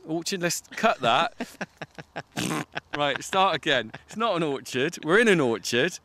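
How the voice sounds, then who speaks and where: A man's voice: on the high side, lively intonation, a little slow, pushed and bright, a little hiss or hum. A man, a farmer, chatting casually and explaining things while walking his farm outdoors. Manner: chatty, explanatory, with filler words. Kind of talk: casual chat on a farm walk.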